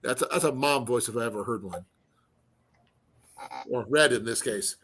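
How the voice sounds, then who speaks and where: A man's voice: medium pitch, moderate pace, fairly bright tone, slight background noise. A man hosting a casual livestream chat, joking around and sometimes hunting for the right word. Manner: joking, searching for words. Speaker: livestream host.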